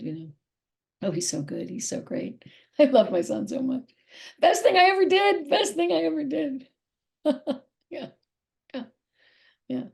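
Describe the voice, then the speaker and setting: A woman's voice: lowish voice, gravelly, dark tone. A middle-aged woman speaking candidly as an interview guest, emotional and rambling, often repeating herself.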